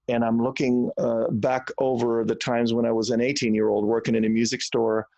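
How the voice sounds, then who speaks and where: Man, 60s, mild German accent, earnest reflective guest, medium pitch, dry close sound. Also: little pitch movement, fairly quick, darkish tone, no room sound, dull audio. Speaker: guest musician. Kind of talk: conversational interview.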